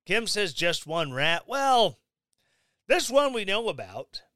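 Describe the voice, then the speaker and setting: A man giving sarcastic, mocking commentary on the news, with animated asides. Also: high voice, slow, no room sound. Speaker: commentary vlogger.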